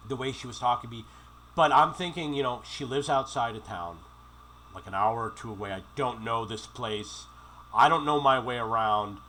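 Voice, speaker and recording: A man's voice: medium pitch, sharp tone, slight background noise, low-quality recording. A middle-aged man telling rambling travel stories in a casual monologue, acting out quoted dialogue. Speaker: travel vlogger.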